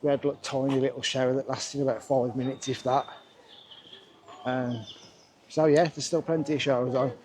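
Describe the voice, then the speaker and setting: English man, family vlogger, rambling casual chat, lots of fillers, mid-pitched voice, outdoors on a handheld camera. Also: little pitch movement, normal speed, pauses often, background noise. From England. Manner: chatty, rambling with many fillers. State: out of breath. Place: outdoors at a castle grounds.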